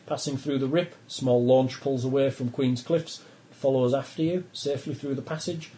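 A man narrating a tabletop horror game as game master in a steady storytelling way. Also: mid-range voice, moderate pace, poor audio.

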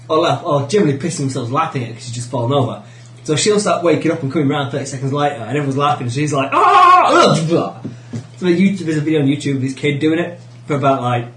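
A man chatting casually as a player at a tabletop game, telling stories in an animated way. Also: fairly high pitch. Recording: roomy with faint noise.

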